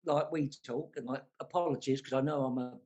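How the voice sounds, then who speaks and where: A man's voice: mid-range voice, fairly even intonation, fairly quick, darkish tone. A man from south London with a London accent, a chatty and frank guest in a casual panel discussion.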